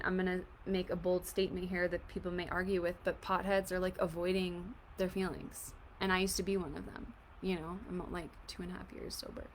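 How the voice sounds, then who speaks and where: Gentle woman guiding a tapping session. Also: fairly low pitch, a little hiss or hum. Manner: casual, fills speech with "like"; gentle and reassuring. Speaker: EFT tapping coach.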